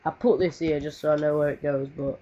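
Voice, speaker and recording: Through a muffled and noisy home mic, a woman's deep, fairly even voice runs a little fast as she plays a game. She makes gaming videos, and her casual chatter wanders, is thick with swearing, and includes bits of singing to herself.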